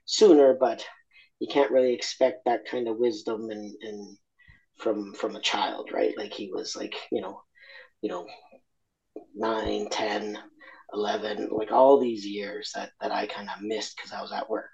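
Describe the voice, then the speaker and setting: A man's voice: fairly low pitch, steady tone, a little slow, gravelly, darkish tone, lo-fi sound. Reflective Argentine-born man, candid interview. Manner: reflective, honest, many fillers and restarts. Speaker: interview guest.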